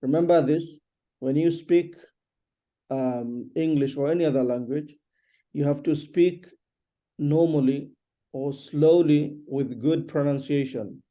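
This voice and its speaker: A man teaching an English lesson one on one, patiently repeating questions and explaining slowly. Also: on the high side, warm tone.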